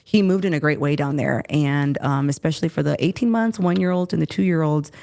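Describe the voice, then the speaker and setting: A woman's voice: deep voice, brisk, creaky, dark tone. A woman in her thirties from the Texas valley, talking emotionally in a casual chat and rambling with restarts. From Rio Grande Valley, Texas. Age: 30s.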